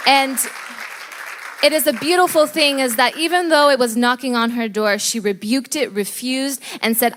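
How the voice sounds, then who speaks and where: A woman's voice: on the high side, normal speed, fairly bright tone, a faint crowd. A woman interviewing a guest at church, emphatic and answering with repeated amens.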